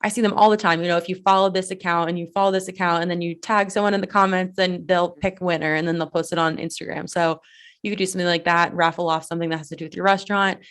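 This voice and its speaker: A woman's voice: on the low side, fairly even intonation, fast talker, a bit bright, clear, resonant tone. A woman co-hosting a business podcast, giving tips in a loose, rambling way with many fillers. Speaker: podcast co-host. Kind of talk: casual chat.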